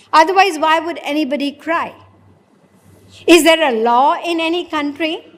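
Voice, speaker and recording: A woman delivers a spiritual talk, questioning her listeners and playing out short dialogues. Her voice sits high. Long reverb trails every phrase, as in a large hall. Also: a bit bright. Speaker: spiritual teacher. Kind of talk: sermon.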